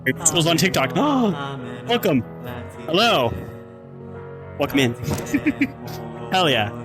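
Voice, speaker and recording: A man's voice: on the high side, very animated, very slow, over music. A man from Southern Pennsylvania chatting casually on a livestream at home. He restarts his sentences, swears casually and thanks his viewers.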